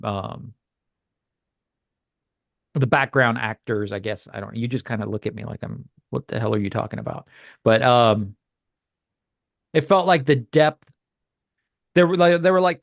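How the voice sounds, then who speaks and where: A man with a fairly low voice and vocal fry co-hosts a podcast, recorded in clean studio sound with no echo. He chats casually in a review chat, rambling and hesitant with many fillers and restarts.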